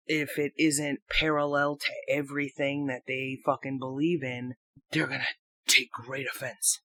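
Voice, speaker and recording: Slow, halting man thinking out loud. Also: mid-range voice, no room sound. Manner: halting, self-questioning, swears freely. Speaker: audio blogger. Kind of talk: rambling reflective monologue. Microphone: talking into a microphone.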